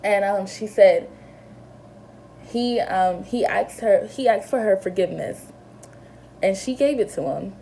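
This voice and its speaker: Earnest young woman with a mellow voice. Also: medium pitch, a little slow, vocal fry, pauses often, slight background noise. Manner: earnest, emotional retelling full of "like" and restarts. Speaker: vlogger. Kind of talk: casual storytelling to camera.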